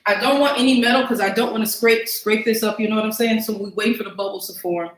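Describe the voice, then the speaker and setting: A woman's voice: on the high side, fairly even intonation, fast talker, echoey room, noisy background. A woman hosting a casual cooking livestream, chatting to viewers as y'all and thinking aloud as she cooks in her home kitchen.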